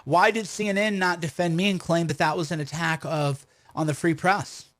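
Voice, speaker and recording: Combative man with a slightly high voice. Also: fairly even intonation, normal speed, a bit bright. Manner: combative, rhetorical questions, frequent restarts. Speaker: commentator and host of his own stream. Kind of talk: livestream commentary monologue.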